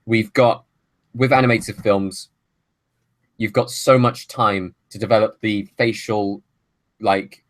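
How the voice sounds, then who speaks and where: A man's voice: lowish voice, steady tone, slow, pauses often, no room sound. A man hosting a film podcast, making long opinionated arguments in casual chat. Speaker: podcast host.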